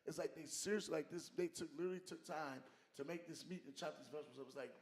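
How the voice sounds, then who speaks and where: Middle-aged male co-host, high-pitched, lively storyteller on a comedy podcast. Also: very fast. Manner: animated, laughing, storytelling. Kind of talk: casual comedy podcast chat.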